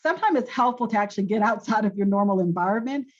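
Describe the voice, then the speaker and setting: A woman's voice: medium pitch, fast talker, muffled recording. A woman, a guest expert on marriage, giving frank, chatty answers and laughing often. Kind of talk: candid interview answer.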